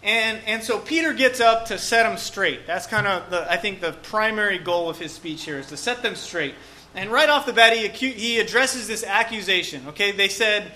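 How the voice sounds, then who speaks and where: A man's voice: high voice, normal speed, bright, forceful tone. A man preaching a sermon in a casual, joking way, often saying "okay" and "um". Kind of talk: conversational sermon.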